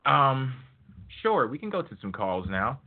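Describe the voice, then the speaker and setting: A man hosting a casual wrestling podcast, talking in a relaxed, laid-back way. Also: mid-range voice, measured pace. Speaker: podcast host. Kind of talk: casual chat. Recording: phone-like lo-fi line.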